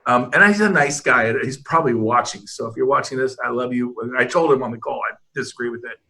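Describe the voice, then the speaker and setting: A man's voice: mid-range voice, fast, vocal fry, bright, forceful tone. A man on a video call giving an emphatic, motivational panel talk full of stories, often restarting his sentences. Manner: emphatic, fired-up, rambling with restarts. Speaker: real estate brokerage leader, panel host.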